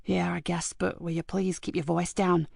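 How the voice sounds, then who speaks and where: A woman's voice: brisk, vocal fry, no room sound, clean studio sound, natural voice. A woman voicing a hard, impatient older teenage boy in an audiobook. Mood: menacing. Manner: low, clipped and menacing.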